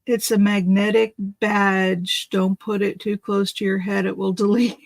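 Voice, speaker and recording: A woman's voice: mid-range voice, level tone, unhurried, vocal fry, dry recording, rough recording. A woman making a craft video, chatting in a rambling, thinking-aloud way as she opens gifts at home. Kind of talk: casual chatty unboxing.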